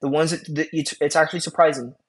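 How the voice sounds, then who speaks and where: A man teaching an emergency medicine class, talking casually with quick asides and questions to his students. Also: a little high, steady tone, breathy edge. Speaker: EMS instructor. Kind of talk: classroom lecture.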